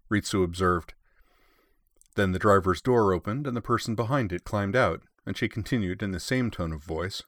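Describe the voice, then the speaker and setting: A man reading a story aloud in an expressive, measured way. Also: lowish voice, dry recording, studio quality. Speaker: story reader. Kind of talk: reading fan fiction aloud.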